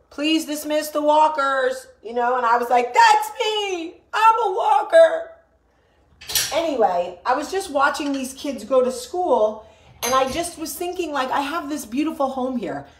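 A woman's voice: high-pitched, roomy sound, slight background noise. Chatty, blunt New woman. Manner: chatty, blunt, swears, rambling asides. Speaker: vlogger, show host. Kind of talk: casual chat to camera.

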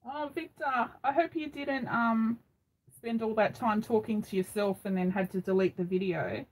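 Recorded on a phone in low quality, this middle-aged Australian craft channel host chats casually on her live stream at a moderate pace. Her voice leans high, and she rambles with plenty of ums.

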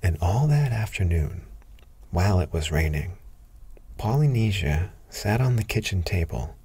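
A man reading a children's classic aloud as a slow, soothing bedtime story. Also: low-pitched, animated, mellow, husky, no room sound. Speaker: narrator.

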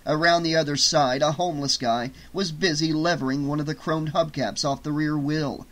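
A male audiobook narrator with a slightly high voice. He reads the story in a steady, even storytelling manner. It is scripted narration throughout. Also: moderate pace, hardly any pauses.

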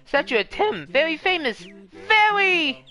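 Guy doing a squeaky hyper little cat-dog shop critter, broken baby talk, bouncy game voice. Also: big pitch swings, measured pace, bright, forceful tone, heavily acted. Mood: excited.

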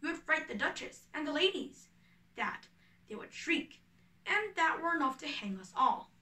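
A woman reading the part of a fussy male carpenter who directs a village play, handing out names and parts in order, with a bright voice in an echoey room. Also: high voice, sing-song, moderate pace, recorded from a distance, voice pushed up, heavily acted. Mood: bossy. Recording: echoey room, away from the mic.

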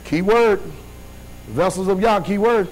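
A man's voice: high voice, unhurried, slight background noise, low-quality recording. A male preacher giving a fervent sermon, reading scripture with rhythmic call-and-response asides.

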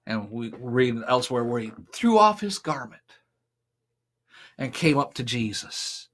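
A male preacher retells a scripture story, leaning hard on key phrases. He speaks slowly and takes long pauses, with a mid-range voice. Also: medium pitch, very animated, fairly bright tone. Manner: dramatic, varied, emphatic. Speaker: pastor. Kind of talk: sermon storytelling.

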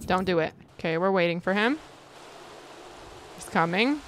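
A woman giving casual, excitable commentary over her own gameplay, chatting with viewers and reacting dramatically. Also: lowish voice, moderate pace, a little hiss or hum. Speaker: gaming video creator.

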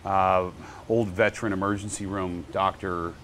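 A deep-voiced man who owns a winery and makes wine appears as a guest on a casual podcast, telling stories at a moderate pace. Animated, he performs the quotes of others, and slight background noise can be heard.

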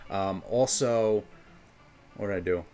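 A man's voice: fairly low pitch, slow, warm tone. A man from New York with a New York accent, chatting casually as a game streamer and rambling between topics. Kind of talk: casual gameplay commentary. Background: faint game music.

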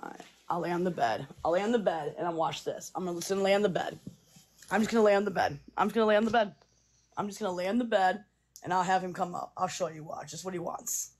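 A woman's voice: lowish voice, quick pace. A young woman filming a casual vlog, talking to her cat in a coaxing, repetitive baby-talk manner.

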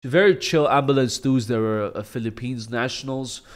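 A young man recounting a personal story for his vlog in a casual, laid-back way. He jokes, swears freely and pokes fun at himself, his voice at an ordinary middle pitch. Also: normal speed. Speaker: vlogger.

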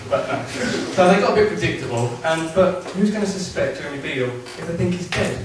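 A man's voice: a little high, recorded from a distance, background noise. Young man doing stand-up in an echoey room. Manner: jittery, quick asides, deadpan punchlines. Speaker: stand-up comedian. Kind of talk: stand-up routine. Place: club or function room with audience. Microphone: distant camera mic. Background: audience laughter.

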